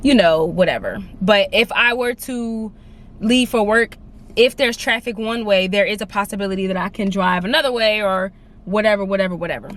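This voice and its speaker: Brief: young woman vlogger, everyday mid pitch, chatty aside talk filmed on a phone in her car. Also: normal speed. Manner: chatty and animated, says "like" a lot. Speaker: lifestyle vlogger. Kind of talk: casual vlog chat. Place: in her car, then out on a walk.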